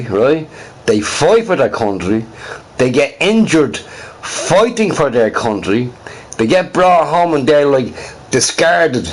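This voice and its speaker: A man hosting a casual livestream, talking heatedly to his chat and repeating his points. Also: fairly high pitch. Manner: talks to chat viewers directly; heated, scornful. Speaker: livestream host.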